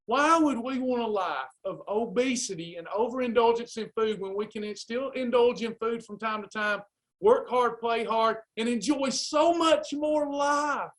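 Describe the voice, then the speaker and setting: A man's voice: very high voice, measured pace. A man coaching a live weight loss class, urging listeners on in a fired-up, preacherly way. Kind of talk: live class pep talk.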